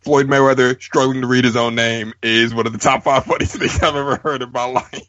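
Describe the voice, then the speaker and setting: A man's voice: mid-range voice, steady tone, fairly quick, a bit bright, dry recording. A man guest in a casual podcast chat, wry and blunt. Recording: dry, dull lo-fi sound.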